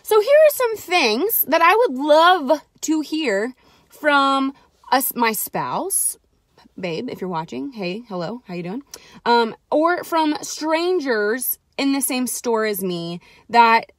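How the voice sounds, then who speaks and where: Chatty, sarcastic mom. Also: female voice, sits high, lively intonation, takes it slowly, no room sound, clean studio sound. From Texas. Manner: chatty and sarcastic, lots of "like" fillers. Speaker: vlogger. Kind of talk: casual ranting vlog.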